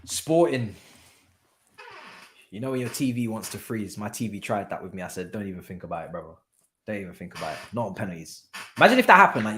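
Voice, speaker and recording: There's slight background noise as the watchalong host, a man covering a live football match, swings from murmuring under his breath to shouting with excitement. His street-slang phrases come around again and again.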